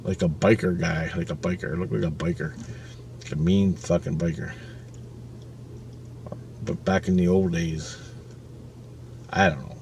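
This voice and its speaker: A man's voice: low voice, fairly even intonation, unhurried, gravelly, pauses often, a little mellow, slight background noise. A man casually telling a personal spirit story, rambling and swearing, often checking in with the listener with "right?". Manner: rambling, profane, with frequent "right?" asides. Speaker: vlogger.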